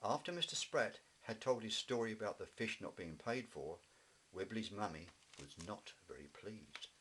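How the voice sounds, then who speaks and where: A man reading a children's story aloud in a gentle, expressive way. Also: lowish voice, normal speed, slight background noise, rough recording. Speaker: narrator.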